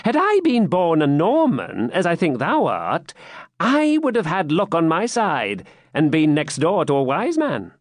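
A man's voice: on the high side, huge pitch swings, a little slow, no room sound, pitched above the performer's own voice, exaggerated voice. A man voicing a witty jester who teases with a sly manner. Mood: mocking. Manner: sly, teasing. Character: witty mocking male jester.

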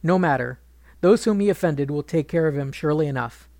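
A man voicing a proud queen who is furious and grieving, speaking bitterly in his gravelly storytelling voice. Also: on the high side, animated, a little fast, darkish tone, no echo, studio quality. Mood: indignant. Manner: bitter, accusing speech.

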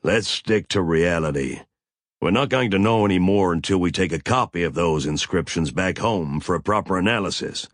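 A man's voice: low voice, expressive, moderate pace, no echo, clean studio sound. Man doing a growling practical expedition leader. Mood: gruff. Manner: growling, matter-of-fact. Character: gruff older male expedition leader, practical.

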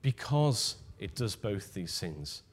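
A man preaching a sermon in a measured, emphatic way, dropping to a near-whisper on key words. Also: fairly low pitch, very animated.

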